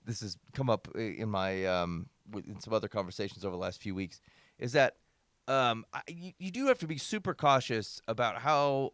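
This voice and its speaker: A man's voice: lowish voice, fairly bright tone, clear, resonant tone, no echo, studio quality. A man co-hosting a podcast in casual chat, wry and joking, often restarting his sentences. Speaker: podcast co-host.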